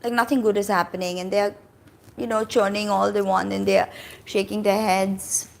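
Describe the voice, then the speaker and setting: A woman's voice: mid-range voice, flat delivery, moderate pace, vocal fry. Emphatic woman teaching in casual talk. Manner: emphatic, conversational, stretches key words for stress. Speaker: spiritual teacher.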